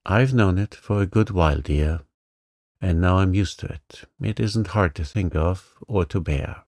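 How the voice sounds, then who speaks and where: A man voicing a gentle young woman facing illness, speaking softly, slowly and with resignation. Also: low voice, no room sound, studio quality. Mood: resigned.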